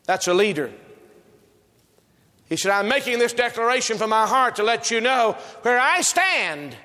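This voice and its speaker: A man's voice: very high-pitched, very animated, normal speed, pushed and bright. A male preacher delivering a sermon with an emphatic, repetitive preaching cadence, recorded in a church sanctuary. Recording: reverberant hall.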